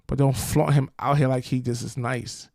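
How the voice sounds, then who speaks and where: A man's voice: medium pitch, steady tone, normal speed, gravelly, darkish tone, no room sound, clean studio sound. A man hosting a football podcast, talking in brash, slangy, trash-talking fan commentary.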